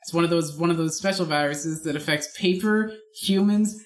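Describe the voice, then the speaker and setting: A woman's voice: fairly low pitch, fairly quick. A woman co-hosting a comedy podcast in casual chat, teasing her partner with dry wisecracks. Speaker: podcast co-host.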